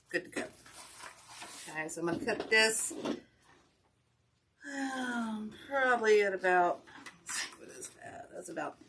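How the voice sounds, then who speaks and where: A woman hosting a casual craft tutorial, tired and self-deprecating as she chats with viewers. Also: medium pitch. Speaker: wreath-making channel host. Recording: steady background noise.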